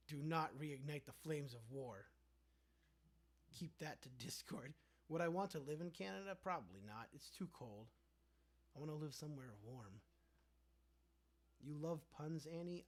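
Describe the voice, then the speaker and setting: A man's voice: fairly high pitch, animated, unhurried, pauses often. A man with a slightly raised voice chats loosely on his livestream, reading out viewer comments and answering them. He is sarcastic and rambling, and often trails off mid-thought. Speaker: livestream host.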